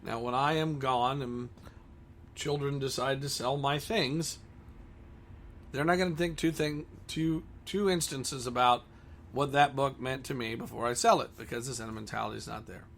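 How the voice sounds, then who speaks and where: A man's voice: medium pitch, steady tone, moderate pace, creaky, a bit bright, a little hiss or hum. A man who owns a comic store, talking bluntly and combatively in a ranting monologue.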